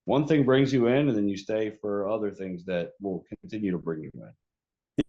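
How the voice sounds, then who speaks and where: A man's voice: lowish voice, normal speed, mellow, lo-fi sound. A man co-hosting a wrestling podcast, talking casually and rambling with lots of "like" and swearing. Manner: rambling, profane, heavy filler "like". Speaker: podcast co-host. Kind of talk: casual chat.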